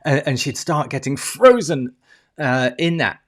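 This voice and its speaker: A man's voice: mid-range voice, animated, measured pace. A middle-aged man who works as a life coach talks casually to camera. He restarts his sentences often, swears now and then, and makes little ding sound effects as he goes. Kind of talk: casual teaching monologue to camera.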